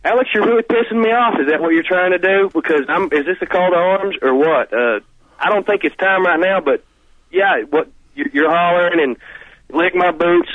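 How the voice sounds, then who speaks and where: A male caller from Arkansas talks in stumbling, angry bursts. His fairly high voice comes through a tinny phone line that sounds dry and close. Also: fairly quick, no room sound.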